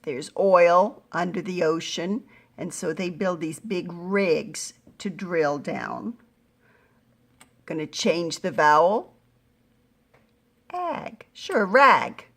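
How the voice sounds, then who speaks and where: A middle-aged woman teaching a phonics lesson to young readers, patient and encouraging, sounding words out slowly. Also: lowish voice. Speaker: reading teacher.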